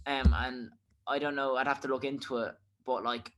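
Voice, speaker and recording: A man's voice: mid-range voice, moderate pace, background noise. A young man co-hosting a podcast over a video call, talking casually and rambling cheerfully with frequent laughs. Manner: lively, rambling, laughs often. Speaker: podcast co-host. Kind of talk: casual chat. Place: remote, on a video call from abroad.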